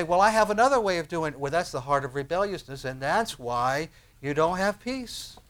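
Animated man preaching a sermon. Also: high-pitched. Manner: animated, conversational preaching with acted-out prayers and rhetorical questions. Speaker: pastor.

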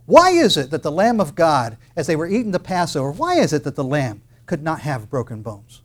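A man preaching an expository sermon, reading and explaining scripture with rhetorical questions, moving between loud proclamation and quiet intensity. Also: fairly high pitch, wildly swooping pitch, brisk.

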